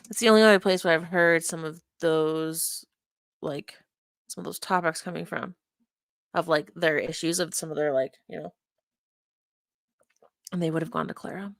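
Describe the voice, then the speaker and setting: A woman's voice: deep voice, normal speed, creaky, pauses often, no room sound. A woman casually commenting while watching a past live stream, thinking aloud and unpacking what happened. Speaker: stream reviewer.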